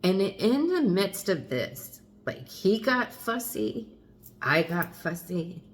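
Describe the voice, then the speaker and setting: A woman's voice: mid-range voice, big pitch swings, takes it slowly, a little hiss or hum. A middle-aged woman speaking candidly to the camera as a mother, frank and confessional, with wry asides and the odd mild curse. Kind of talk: candid personal vlog.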